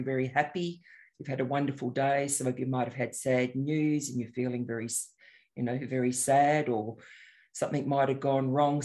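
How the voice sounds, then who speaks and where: An older man who teaches meditation introduces a guided session, speaking at a medium pitch in a gentle, unhurried, reflective manner.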